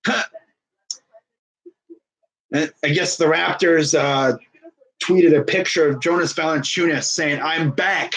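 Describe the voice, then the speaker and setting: A young man casually commenting on a live sports stream, excitable and rambling. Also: a little high, slow, pauses often, rough recording. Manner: excitable, rambling, laughs often.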